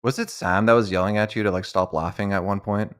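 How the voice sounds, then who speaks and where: A young man hosting a casual streamed interview, relaxed and rambling, with lots of "like" and easy laughter. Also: on the low side, fast talker, smooth. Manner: laid-back, rambling, frequent "like". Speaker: stream host.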